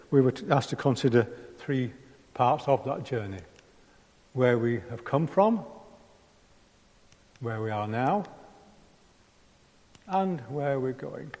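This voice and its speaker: A man's voice: mid-range voice, a little mellow. A man preaching a conversational sermon, acting out prayers in the first person. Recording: long hall reverb.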